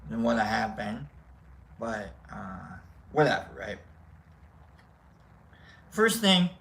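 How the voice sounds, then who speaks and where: A man's voice: a little high, pushed and bright, low-quality recording. A man hosting a casual livestream, telling a rambling, self-deprecating story with jokes. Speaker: livestream host.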